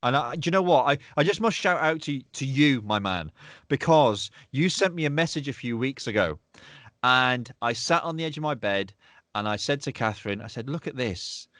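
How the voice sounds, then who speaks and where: A man's voice: medium pitch, animated, moderate pace, a bit bright, dry recording, studio quality. A man, a podcast guest, chatting casually and emotionally, often repeating his words. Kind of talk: casual interview chat.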